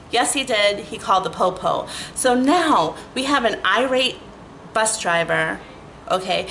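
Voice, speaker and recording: A woman's voice: slight background noise, rough recording. Chatty woman telling a wild story. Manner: animated, chatty, profane, lots of "like" fillers; acts out her own quoted lines with rising pitch. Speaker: vlogger. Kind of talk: casual storytime vlog.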